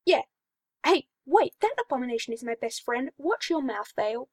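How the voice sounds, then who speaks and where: A brash male warrior, as a woman reader puts him on, loud and indignant, pitched well up. The reading is close and dry. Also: expressive, moderate pace, no echo, distant mic.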